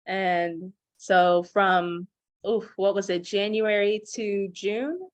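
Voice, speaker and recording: A woman's voice: mid-range voice, slow, no echo. Chatty young woman, dry sound. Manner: chatty, laughs, speeds up when excited. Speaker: program graduate. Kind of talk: casual video-call conversation.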